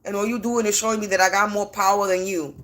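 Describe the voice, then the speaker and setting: A woman's voice: medium pitch, steady tone, fast talker, a bit bright. A woman ranting defiantly on a livestream from her home as a spiritual reader, cursing bluntly. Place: at home indoors.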